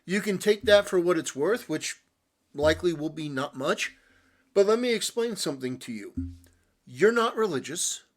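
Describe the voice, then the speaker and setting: Man, high-pitched, earnest, lecturing, direct-address commentary. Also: animated, normal speed. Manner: earnest, lecturing, speaks straight to his target. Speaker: online commentator.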